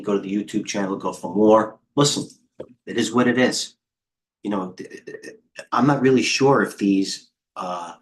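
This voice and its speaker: Middle-aged male trading coach, low-pitched, loose and excitable, riffs on charts to his viewers. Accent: New York. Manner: rambling, excitable, chatty with viewers. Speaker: trading coach hosting a livestream. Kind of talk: casual live market commentary.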